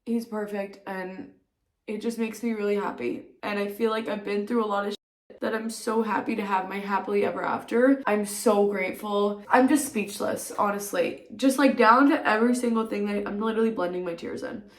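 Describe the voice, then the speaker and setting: A woman's voice: mid-range voice, steady tone, moderate pace, echoey room. A young adult woman vlogger telling a personal story to camera in a gushing, emotional way, full of "like" and "literally". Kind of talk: casual story time to camera.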